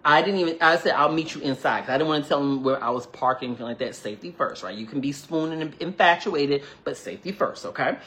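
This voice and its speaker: A man with a fairly high voice tells a long personal story to a live audience. His delivery is chatty and animated, full of fillers like "like" and "you know". He keeps breaking off to address his viewers. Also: fast, hardly any pauses. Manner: slips into quoted dialogue and asides to viewers. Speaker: livestream host.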